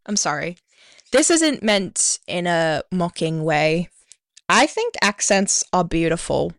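A woman's voice: on the low side, big pitch swings, slow pace, no room sound, clean studio sound. A young Australian woman hosting a radio show, talking casually in a rambling, self-deprecating way. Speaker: community radio host.

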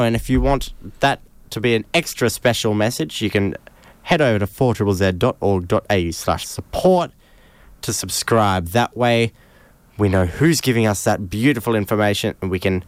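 A man hosting community radio, casually reading out a local gig guide at an unhurried pace. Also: lowish voice, dry recording. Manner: relaxed, unhurried listing of dates. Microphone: studio microphone.

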